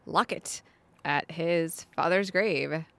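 A young woman co-hosting a podcast, chatting and giggling as she recaps an episode. Her voice sits low for a woman, and the recording is close and dry. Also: takes it slowly, gravelly, dry recording. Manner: chatty, giggly, trails off and restarts. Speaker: podcast co-host. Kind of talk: casual recap chat.

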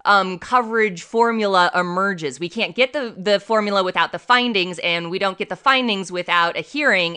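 A woman co-hosts a podcast in casual political chat, blunt and emphatic. Her voice is bright and crisp, with a sharp edge when she stresses a point. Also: mid-range voice, moderate pace, hardly any pauses. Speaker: podcast co-host.

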